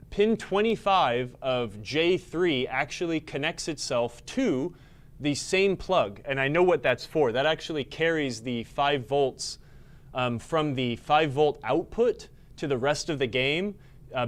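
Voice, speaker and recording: Man, live-stream repair host, tired, quick energetic explaining, ums and uhs, mid-pitched. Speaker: pinball repair technician host. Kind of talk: live-stream technical chat.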